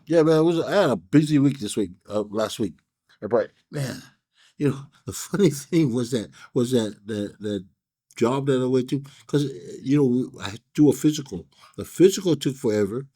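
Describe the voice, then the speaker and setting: A man's voice: medium pitch, animated, normal speed, mellow, breathy edge. Laid-back man with a Hawaiian pidgin accent. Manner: rambling, laid-back storytelling with many fillers and restarts. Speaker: cigar reviewer and storyteller. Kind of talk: casual chat.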